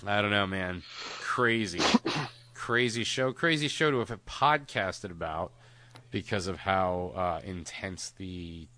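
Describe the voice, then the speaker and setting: A man's voice: low-pitched, takes it slowly, bright, forceful tone. A man co-hosting a podcast, chatting casually and rambling, with frequent laughs and casual swearing. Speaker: podcast co-host.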